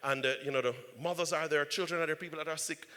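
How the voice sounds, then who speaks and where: Brief: male pastor, fairly high, bright voice, animated storytelling sermon, reverberant church hall. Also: quick pace. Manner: animated, repeats "right?".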